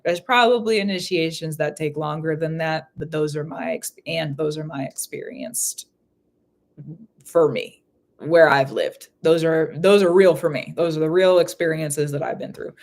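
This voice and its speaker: Woman, somewhat low voice, spiritual reader, casual live session, frequent laughter, repeats herself. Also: steady tone, moderate pace, darkish tone. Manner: laughs often, repeats phrases. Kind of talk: live reading, casual chat.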